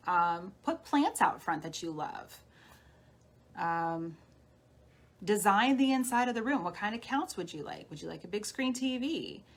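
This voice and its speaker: A woman healer giving a live-streamed talk, guiding listeners gently through steps like a coach. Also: medium pitch, animated, measured pace. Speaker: spiritual healer. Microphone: phone or webcam on a live stream.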